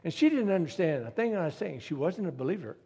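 A man's voice: on the high side, very animated, quick pace, mellow, slightly rough. A man preaching a sermon, telling stories and building to emphatic appeals to his listeners. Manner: storytelling, rising to emphatic appeals. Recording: long hall reverb.

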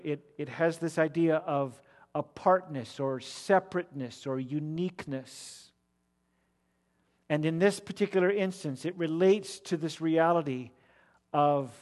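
Emphatic preacher in a reverberant hall. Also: male voice, a little high. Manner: emphatic, rising to loud declamation on repeated words. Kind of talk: expository sermon. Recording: long reverb of a large hall.

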